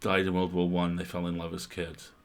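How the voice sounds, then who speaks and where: A man chatting casually while co-playing a horror visual novel on a stream, giving short agreeing replies and dry quick asides. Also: low-pitched, monotone. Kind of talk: casual let's-play chat.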